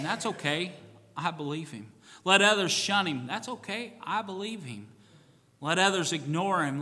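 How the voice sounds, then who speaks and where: Bright-voiced pastor preaching in a reverberant church. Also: male voice, fairly high pitch. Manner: swings from loud fervent preaching to hushed solemn tones. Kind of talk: sermon. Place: church sanctuary. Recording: long church hall reverb.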